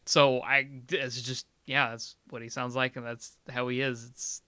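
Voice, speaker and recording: As a podcast co-host, a young man chats casually and animatedly, laughing often. His medium-pitched voice is bright and forward with a clean tone, unhurried, and recorded close and dry with no room sound or echo.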